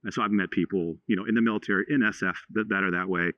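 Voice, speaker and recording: A man in his forties from Texas, a podcast guest telling a story in a halting way, with many restarts and fillers. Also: deep voice, steady tone. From Houston, Texas. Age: 40s. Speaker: podcast guest, franchise owner. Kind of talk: casual storytelling. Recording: slightly dull lo-fi sound.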